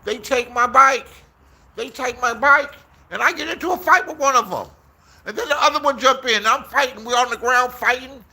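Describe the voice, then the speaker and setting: In an outdoor vlog, a man in his sixties from Inglewood, Los Angeles rambles through profane stories, voicing the people he quotes. The YouTuber's extremely high voice is bright and forceful, at a moderate pace.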